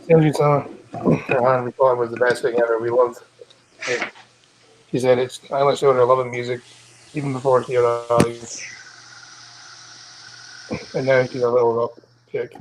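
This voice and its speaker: A Scottish man hosting a live stream, reading news stories aloud casually, stumbling over words and clearing his throat. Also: mid-range voice, level tone, moderate pace, pauses often, background noise.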